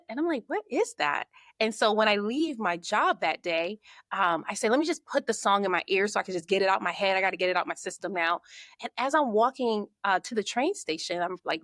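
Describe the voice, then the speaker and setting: A woman speaks as a guest on a podcast, recounting her past with energy and voicing her own inner thoughts as she goes. Her voice sits at an ordinary middle pitch for a woman. The recording is dry and close, with no room echo. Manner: lively storyteller who acts out her own inner thoughts. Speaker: podcast guest, marketing coach. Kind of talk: conversational storytelling.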